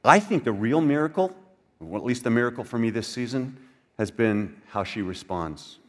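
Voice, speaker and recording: An older man preaching a sermon in a conversational way. He asks the listeners questions and drops into soft, quiet passages. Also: mid-range voice, animated, normal speed. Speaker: pastor.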